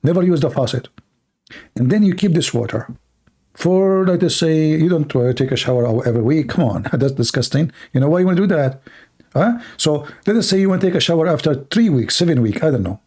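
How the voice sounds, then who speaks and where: A man's voice: on the high side, expressive, a little fast, darkish tone, slightly rough. A man with an Arabic accent hosting a live stream, talking in a sarcastic, rambling way with many fillers. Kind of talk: mocking casual monologue.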